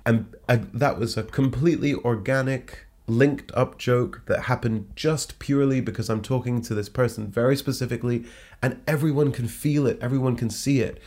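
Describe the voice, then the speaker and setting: A stand-up comedian, telling an anecdote in a casual, animated way and jumping his pitch to act out quoted lines. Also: moderate pace.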